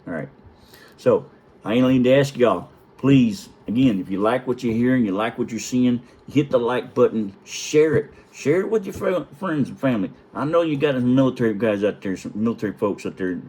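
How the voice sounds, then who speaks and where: Brief: middle-aged ex-Navy chief, gravel-soft husky voice, profane and chuckling. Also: male voice, mid-range voice, animated, normal speed. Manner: profane, chuckling, rambling anecdotes; often clears his throat. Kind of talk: casual storytelling vlog.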